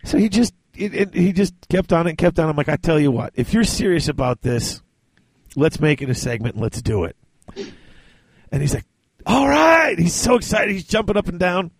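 A man's voice: fairly high pitch, a little fast, no room sound. A man hosting a casual chat, telling a long story and acting out what others said. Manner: animated, acts out quoted dialogue. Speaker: podcast host.

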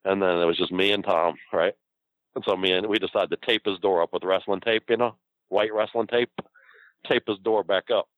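Ex-wrestler man, low voice, swears and laughs through a story; dry, dull lo-fi sound. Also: fairly even intonation, a little fast, no echo. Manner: laughs often, swears freely. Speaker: former pro wrestler, guest. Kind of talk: casual storytelling.

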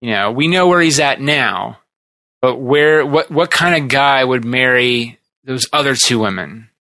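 A man hosting a podcast, chatting casually and retelling TV scenes in a rambling, animated way. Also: medium pitch, unhurried, no echo. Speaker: podcast host. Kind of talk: casual chat.

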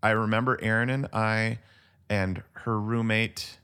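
A man with a low voice co-hosts a casual film chat. He sounds easygoing and agreeable and often chimes in with quick replies. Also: fairly even intonation, bright, forceful tone, clean tone. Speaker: podcast co-host.

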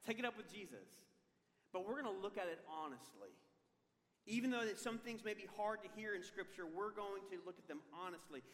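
A man preaching a sermon as pastor, telling an animated, self-deprecating story with humor. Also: high voice, brisk. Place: large church hall. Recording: long hall reverb.

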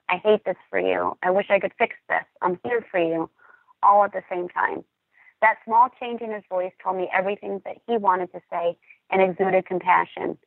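A calm, earnest woman, a dispatcher, speaks on a podcast in a measured way. Her voice has a gravelly, fry-tinged edge. It comes through a thin, tinny, phone-like line in a dead, dry space. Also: mid-range voice, no echo. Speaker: emergency dispatcher and podcast guest. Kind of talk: podcast talk, personal account.

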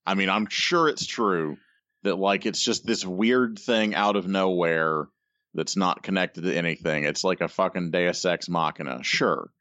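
A man's voice: low voice, a little slow, sharp tone, no echo, highs cut off. A man co-hosting a podcast, chatting in a laid-back, teasing way. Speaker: podcast co-host. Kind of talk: casual chat.

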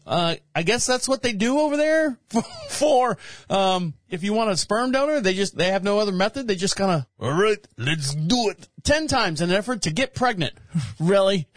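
A man's voice: high voice, lively intonation, normal speed, no echo. A man hosting a show, reading news headlines and rambling jokingly about them in casual commentary. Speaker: show host.

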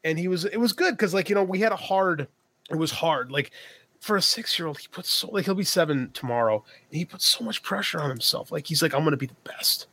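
A man's voice: fairly high pitch, expressive, brisk, pushed and bright, breathy edge, dry recording. A man in his thirties telling a personal story in a casual podcast chat, quoting himself and his son as he goes. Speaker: podcast co-host.

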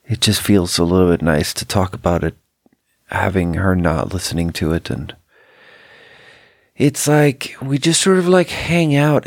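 A man's voice: low voice, gravelly, dry recording, clean studio sound. A man hosting a solo podcast, talking in a rambling, introspective and self-critical way about managing a team. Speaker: podcast host. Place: indoors at home by an open window.

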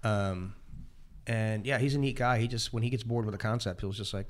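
A man's voice: lowish voice, fairly quick. A man in his forties, raised in the Southern United States, chatting as a chef guest and telling descriptive stories with many restarts. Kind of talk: casual podcast conversation.

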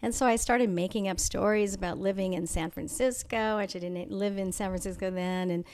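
In conversation, a thoughtful woman being interviewed reflects on a personal story, pausing often and restarting her sentences in a measured way. She speaks at a medium pitch with a darkish tone and fairly even intonation.

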